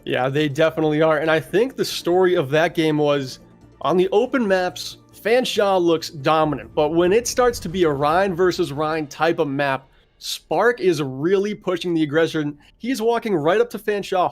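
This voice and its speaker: A man's voice: on the high side, moderate pace, faint music behind. A young man giving analytical esports commentary, breaking down team fights and asking his co-caster questions.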